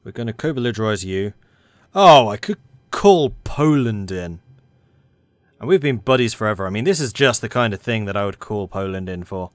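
A man's voice: on the low side, fast talker, hardly any pauses, no echo. A man commentating a strategy game, thinking aloud and talking to the game's factions as he plays. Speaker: gaming channel host.

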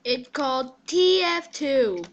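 High-voiced casual gamer, talkative, game explainer. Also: lively intonation, takes it slowly, fairly bright tone, highs cut off. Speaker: gamer playing with a friend. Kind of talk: casual gameplay chat.

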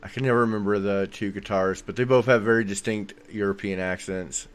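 A man's voice: lowish voice, fairly even intonation, brisk, smooth. A man co-hosting a podcast, talking in a rambling, enthusiastic way full of fillers. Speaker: podcast co-host. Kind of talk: casual chat.

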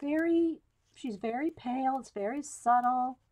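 A woman's voice: high voice, a little slow, a little mellow. A woman hosting a live coloring tutorial, chatting casually, laughing often and answering viewers by name. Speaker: coloring tutorial livestream host.

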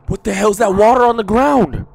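A young man hosting a game stream, yelling frantically and swearing during play. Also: high voice, normal speed, gravelly, husky, soft background music. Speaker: streamer host. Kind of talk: casual gaming chat. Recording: noisy stream audio.

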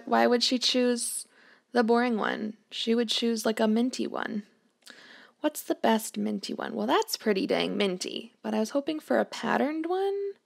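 Talking fondly to the characters in a life-sim game, a young let's play host chats through her gameplay commentary. Her voice is a little high and gravelly.

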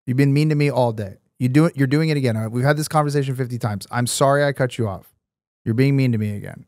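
A man co-hosting a casual podcast, sounding defensive and apologetic. He stumbles through a long statement read aloud. The sound is dry, with no room echo. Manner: defensive and apologetic, climbing high and loud when upset; reads a statement aloud haltingly. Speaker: podcast co-host.

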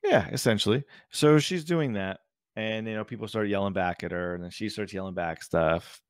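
A man's voice: fairly low pitch, normal speed, clear, resonant tone, no echo, clean studio sound. A man co-hosting a podcast, telling stories in casual chat and drawing out key words. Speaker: podcast co-host.

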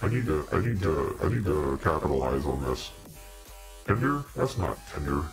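A man's voice: very deep voice, very animated, normal speed, soft background music. A man hosting a casual livestream in a demon persona, rambling and joking while talking to his viewers.

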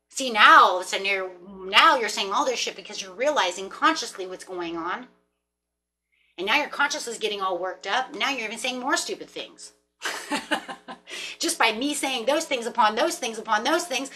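A woman with a slightly high voice gives a casual tarot reading at a moderate pace. She is animated and chatty, thinking aloud as she repeats and restarts words, and lets slip the occasional casual swear.

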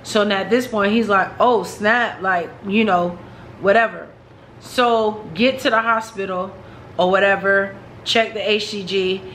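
A woman's voice: medium pitch, fairly even intonation, measured pace, fairly bright tone, slight background noise, low-quality recording. A woman vlogger telling a personal story in a frank, chatty way, talking straight to her viewers.

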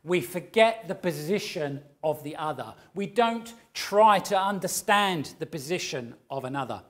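Male preacher, sermon, slow deliberate pace, earnest, emphatic. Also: fairly high pitch, animated, a bit bright. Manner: earnest, emphatic, story-telling delivery. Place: church.

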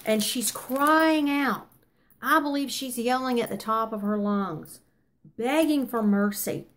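Older woman, Bible study teacher, earnest, emphatic, pauses with ums and corrects herself. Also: a little high. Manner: earnest, emphatic, with frequent fillers and self-corrections.

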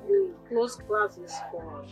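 A young woman university student giving an earnest, measured testimony in an interview. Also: medium pitch, wildly swooping pitch, poor audio. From Sierra Leone. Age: young adult. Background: background music.

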